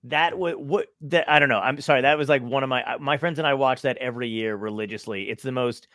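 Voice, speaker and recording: Male host, fan-like and eager, close dry mic, mid pitch. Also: a bit bright, dry recording. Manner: eager fan, quick to laugh and react. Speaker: podcast host. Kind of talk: casual interview chat.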